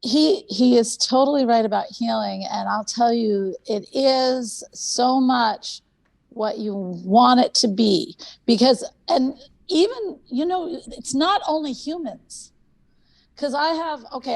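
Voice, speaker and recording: A woman hosting a conference talk, telling stories in an animated way and repeating phrases for emphasis. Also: a little high, slow pace, creaky. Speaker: conference host.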